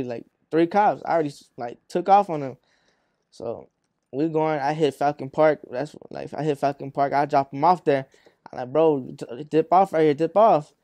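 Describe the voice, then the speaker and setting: A man from Arizona talks through a casual interview, rambling and slangy with plenty of fillers. His voice sits fairly high but sounds dark and mellow. He is recorded dry and close, and he slips into other people's voices when he tells a story. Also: no echo. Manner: rambling, profane street slang, full of fillers; acts out voices in his stories. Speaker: rapper guest.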